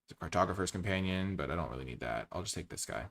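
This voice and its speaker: A man talks through his picks in a casual, thinking-aloud commentary. His voice sits low but sounds bright and forceful, with sudden bursts of excitement. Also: racing. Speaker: card game streamer. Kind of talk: casual commentary while drafting.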